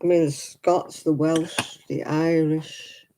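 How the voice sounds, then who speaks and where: Stream host, male, slightly high and very mellow, easy chatty delivery with frequent laughs. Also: flat delivery, slow pace, slight background noise. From Manchester, England. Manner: chatty, laughs often, reads out viewer comments. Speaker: host of a crafting livestream. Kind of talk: casual chat answering viewers.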